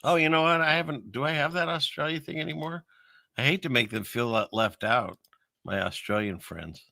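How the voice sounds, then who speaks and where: A man's voice: fairly high pitch, fairly quick, creaky, bright, forceful tone, dry recording, clean studio sound. A man hosting a show, rambling wryly through video clips and talking to his chat. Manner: rambling, wry, talks to chat. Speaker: show host. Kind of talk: casual commentary on video clips.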